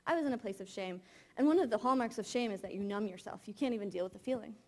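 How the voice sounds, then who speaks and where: A woman's voice: medium pitch, rapid-fire, warm tone. A woman in her thirties preaching a sermon, telling a candid, confessional personal story.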